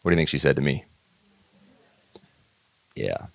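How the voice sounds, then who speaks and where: A middle-aged man with a very low voice gives a motivational talk to an audience. He tells stories and acts out conversations, with his voice climbing for emphasis. The sound is close and dry, with no room echo. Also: steady tone, very fast. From Northern California. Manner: storytelling, acting out dialogue with rising emphasis. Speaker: keynote speaker.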